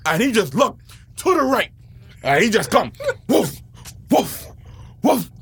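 A man telling a wild childhood story in a slangy, excitable way, shouting at the big moments. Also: high voice, takes it slowly, husky. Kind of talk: animated casual storytelling.

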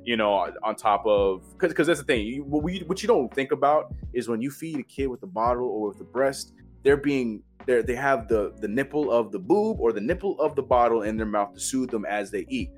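Fast-talking man, casual podcast dad. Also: medium pitch, animated, faint music behind. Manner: fast-talking, restarts while explaining. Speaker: podcast co-host. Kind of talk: casual chat.

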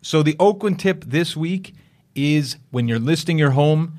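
A man's voice: fairly high pitch, measured pace, darkish tone. Man telling a rambling story. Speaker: podcast co-host, realtor. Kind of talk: casual chat.

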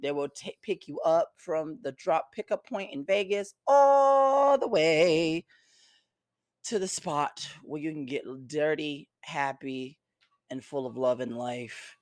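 Profane, excitable man hosting a podcast. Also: medium pitch, a little slow, dry recording, studio quality. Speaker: podcast host. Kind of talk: casual chat with friends. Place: vacation house.

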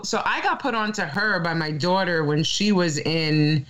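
A woman co-hosting a relaxed talk show, sharing blunt takes. She chats casually and breaks into laughs between points. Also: fairly low pitch, moderate pace. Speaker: podcast co-host. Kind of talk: casual chat.

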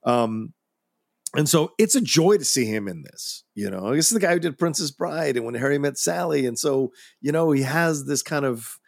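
A man's voice: mid-range voice, lively intonation, normal speed, creaky, no echo, studio quality. A man co-hosting a film podcast, chatting casually in an easygoing, enthusiastic way. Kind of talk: casual chat.

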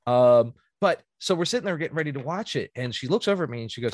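A man's voice: fairly high pitch, expressive, quick pace, no room sound, clean studio sound. A man hosting a podcast in casual chat, telling a story animatedly and acting out quotes. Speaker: podcast host.

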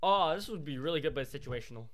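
A man's voice: a little high, animated, very fast, a bit bright. A young man co-hosting a casual podcast, reading game cards with playful mock advice. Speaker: podcast co-host. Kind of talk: casual chat over a card game.

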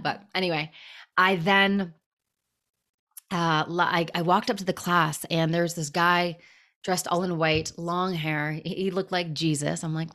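A woman in her thirties, a podcast guest telling stories in a lively, casual way and acting out what people said. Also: on the low side, unhurried. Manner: animated storyteller, acts out quotes. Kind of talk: casual storytelling interview.

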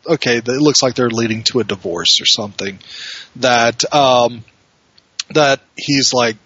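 A man's voice: medium pitch, a little slow, pushed and bright, breathy edge, dry recording, lo-fi sound. A man co-hosting a podcast, rambling casually with plenty of fillers. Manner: loose and rambling, with many fillers and laughs. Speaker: podcast co-host.

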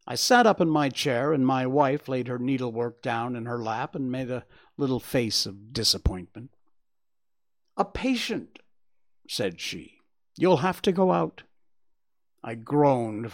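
A male audiobook narrator delivers a classic detective story at a measured, sombre pace, his voice falling low as each phrase ends.

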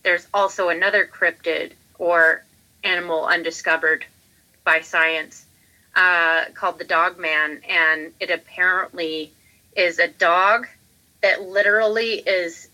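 Playful woman co-host with a bright, forceful tone, quick with jokey asides. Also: lowish voice, steady tone, low-quality recording. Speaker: podcast co-host. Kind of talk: casual podcast chat.

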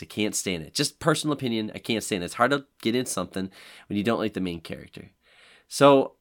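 A man with a very low voice chats loosely about games on a podcast. He rambles and fills his talk with pauses and restarts. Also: fairly bright tone. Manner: rambling, many fillers. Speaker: podcast co-host. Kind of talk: casual chat.

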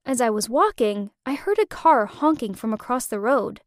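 A woman's voice: fairly high pitch, big pitch swings, moderate pace, no echo, clean studio sound. A woman narrating a dramatic first-person story with an emotional delivery.

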